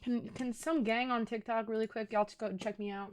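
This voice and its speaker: A woman's voice: on the high side, fairly even intonation, quick pace, few pauses. A young woman streaming from home, chatting playfully with her viewers and swearing casually. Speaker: game streamer. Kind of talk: casual live-stream chat.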